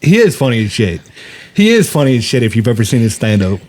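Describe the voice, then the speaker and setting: A man talking casually as a guest over drinks, playful and quick to laugh. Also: mid-range voice, very animated, a little mellow.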